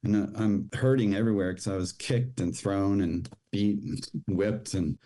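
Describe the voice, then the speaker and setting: A middle-aged man, a podcast guest, telling a personal story in a rushed, halting way with many restarts. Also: lowish voice, steady tone, warm tone.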